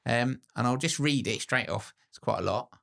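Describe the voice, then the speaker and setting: A man's voice: mid-range voice, moderate pace, gravelly, a bit bright. A man hosting a podcast, chatting casually and teasing his guest. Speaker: podcast host. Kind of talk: casual chat.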